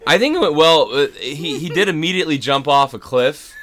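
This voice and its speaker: A man's voice: on the high side, expressive, a little fast, a crowd in the background. A young man, an actor, chatting as a guest on a podcast, rambling, restarting his sentences and laughing as he tells stories. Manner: rambling, laughing, self-interrupting storyteller. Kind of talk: casual podcast chat.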